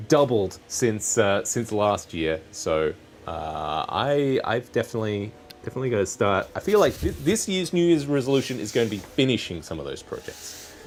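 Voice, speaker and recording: Crafting on a casual live stream, a man chats in a lowish voice, rambling and correcting himself as he goes. Faint music plays in the background, and there's a slight hiss or hum.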